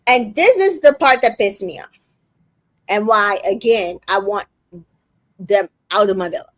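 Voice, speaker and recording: A woman's voice: mid-range voice, expressive, unhurried, a bit bright, no room sound. A woman hosting a casual recap chat, retelling scenes with lots of swearing and filler words. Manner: retells scenes quoting people, swears freely, many fillers. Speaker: recap podcast host.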